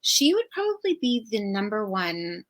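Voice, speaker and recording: An author guest in a relaxed conversation, telling her stories with animation and frequent laughter. She is a woman with a mid-range voice. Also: medium pitch, normal speed. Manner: animated storyteller, laughs often. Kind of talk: casual interview chat.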